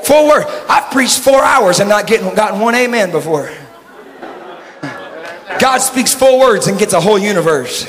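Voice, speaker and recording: A Texan man preaching a sermon in a rhythmic, shouted style, punctuating lines with "uh". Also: high-pitched, lively intonation, normal speed, crowd noise. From Texas. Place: church sanctuary. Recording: echoey church hall with congregation noise.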